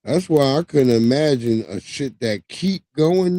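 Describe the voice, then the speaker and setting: A man's voice: mid-range voice, measured pace, dry recording. A man in his thirties hosting a livestream, giving loose, profane, casual commentary on news clips. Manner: loose, profane, animated storytelling. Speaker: livestream host.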